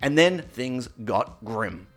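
A man hosting a casual podcast, telling stories in an animated way and acting out what people said. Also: mid-range voice, takes it slowly, faint music behind. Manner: animated storyteller, acts out quotes. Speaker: podcast host.

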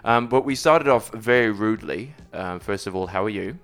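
A man's voice: on the low side, moderate pace, a bit bright, soft background music. A man co-hosting a casual podcast, teasing and bantering with his partner. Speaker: podcast co-host.

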